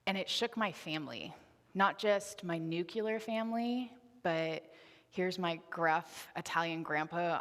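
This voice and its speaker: A woman in her twenties preaches a candid, conversational sermon in a church sanctuary, weaving in a personal story. Her voice is lowish and a touch bright, at a normal pace, and the recording carries the reverberation of the church hall.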